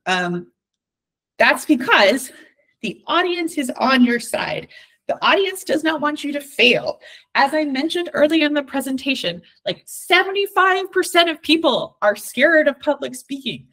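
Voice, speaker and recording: A woman's voice: high-pitched, expressive, measured pace, fairly bright tone. Chatty woman with a Valley Girl accent. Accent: Southern California Valley Girl. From Southern California. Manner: chatty and encouraging, frequent ums. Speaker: workshop speaker. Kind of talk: livestreamed workshop talk.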